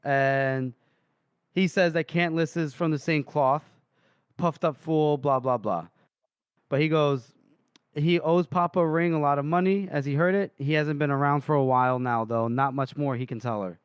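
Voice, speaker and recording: A man's voice: on the high side, normal speed, clean tone, no echo, clean studio sound. A man co-hosting a podcast, casually retelling a book chapter in a rambling way. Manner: rambling retelling, lots of fillers and quotes. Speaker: podcast co-host.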